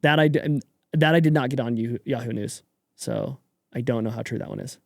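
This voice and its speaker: A man co-hosting a marketing podcast in casual chat, opinionated and often dropping to quiet asides. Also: mid-range voice, a little fast, vocal fry, dry recording, studio quality. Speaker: podcast co-host.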